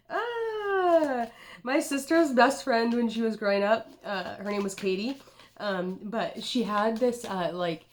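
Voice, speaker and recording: Rambling, profane young woman tarot reader. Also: a little high. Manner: rambling and profane, says "dude" a lot. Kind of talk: casual rambling tarot vlog.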